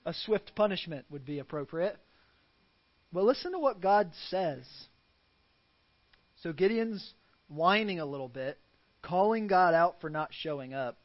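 A man's voice: sits high, animated, takes it slowly, long pauses, lo-fi sound. A man preaching a sermon as pastor, earnest and fond of rhetorical questions.

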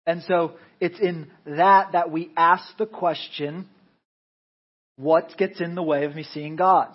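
A man's voice: fairly high pitch, fairly even intonation, slow pace, lo-fi sound. An American man preaching a sermon as pastor, in a conversational style that keeps checking in with the congregation. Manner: conversational preaching with frequent "right?" tags.

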